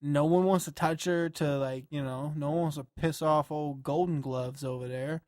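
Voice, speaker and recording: A man co-hosting a podcast, talking in a rambling, profane and animated way. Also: fairly high pitch, moderate pace, no echo, clean studio sound. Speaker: podcast co-host. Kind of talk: casual chat.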